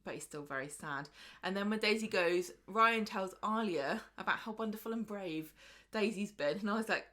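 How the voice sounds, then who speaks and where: A woman's voice: mid-range voice, a little fast, a bit bright. A woman co-hosting a podcast, chatting casually as she recaps a soap and acts out the characters' lines. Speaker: podcast co-host.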